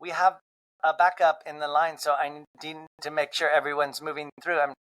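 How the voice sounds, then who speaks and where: A man's voice: fairly high pitch, level tone, moderate pace, fairly bright tone, natural voice, low-quality recording. A man voicing a businesslike woman party hostess with a chirpy, salesy manner.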